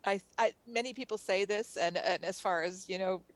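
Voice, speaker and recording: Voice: medium pitch, normal speed, no room sound. A podcast host asking a guest curious, hesitant questions. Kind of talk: casual interview questions.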